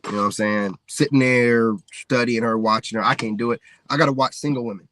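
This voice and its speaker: A man's voice: medium pitch, steady tone, fairly quick, a bit bright, a little hiss or hum. An American man ranting candidly on a livestream, rambling and peppering his talk with "man" and "you know what I'm saying.". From United States. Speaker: livestreaming content creator. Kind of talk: casual livestream rant.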